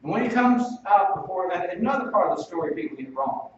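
A man's voice: high voice, sing-song, quick pace, a little hiss or hum. A male pastor preaching a sermon in an emphatic, folksy manner, heard from a distance in a church. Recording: echoey, dull, distant room recording.

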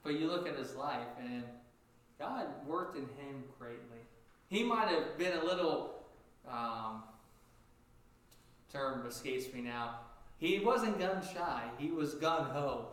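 A man preaching a sermon in a lively, animated way, jumping up in pitch as he acts out what people said. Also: slow, pauses often. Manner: animated, acts out quotes with sudden high pitch jumps. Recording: echoey room, distant from mic.

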